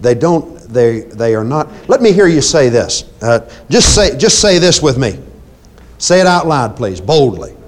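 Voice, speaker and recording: A man's voice: mid-range voice, sing-song, a little slow. A man preaching a sermon on deliverance ministry, emphatic and commanding, repeating phrases and talking straight to his congregation. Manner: emphatic, swinging between loud commands and quiet asides.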